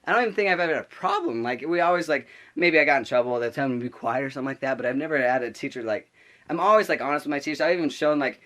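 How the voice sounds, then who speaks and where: A teenage boy telling a story in a casual vlog, rambling and animated, full of restarts and filler words. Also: fairly high pitch, rapid-fire. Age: teens. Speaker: vlogger.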